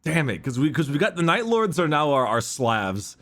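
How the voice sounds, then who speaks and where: A man's voice: fairly high pitch, sing-song, a bit bright. A man hosting a casual lore chat, swearing freely and often stumbling and restarting his sentences. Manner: halting, profane, stumbles over words. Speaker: podcast host.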